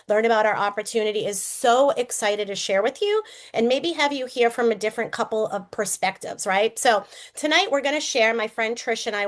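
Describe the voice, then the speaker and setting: A middle-aged woman with a slight cold hosting a group call, chatty and speaking straight to her listeners. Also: a little high. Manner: chatty, addresses the audience directly. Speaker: host of a recruiting call. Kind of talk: upbeat presentation on a group call.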